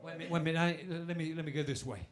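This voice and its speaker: A man preaching a sermon, moving from shouted calls for praise to quieter, quicker teaching. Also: a little high.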